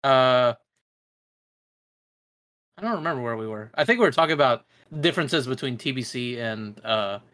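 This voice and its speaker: A man's voice: medium pitch, expressive, normal speed, long pauses, a bit bright. A young man guest on a podcast, talking casually in a rambling, hesitant way with many fillers. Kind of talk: casual chat.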